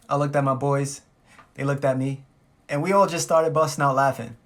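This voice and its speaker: A man telling a story on his vlog in an animated, profane, comic way. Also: mid-range voice, normal speed. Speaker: vlogger.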